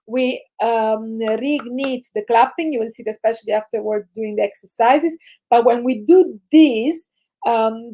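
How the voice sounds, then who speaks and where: A woman with an Italian accent, teaching a laughter yoga session over a video call, explaining and leading chanted exercises. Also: on the high side. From Italy. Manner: energetic, instructive, chanting ho ho ha ha. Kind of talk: guided group exercise session.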